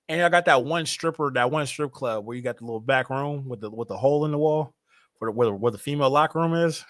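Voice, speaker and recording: A young man hosting a sports fan livestream, animated and hyped, talking straight to his chat. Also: mid-range voice, no echo, clean studio sound. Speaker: fan show host.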